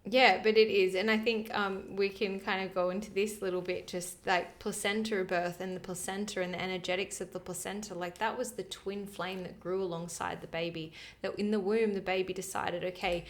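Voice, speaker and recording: A woman's voice: medium pitch, little pitch movement, moderate pace, hardly any pauses. A woman co-hosting a podcast, chatting casually in an earnest, rambling way with plenty of fillers. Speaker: podcast co-host. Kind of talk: casual chat.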